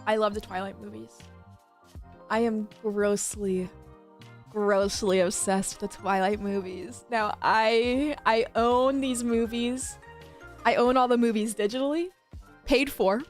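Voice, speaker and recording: A woman in her twenties chatting casually on a livestream, gushing and chatty, full of fillers and quick laughs. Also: on the high side, steady tone, faint music behind. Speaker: streamer.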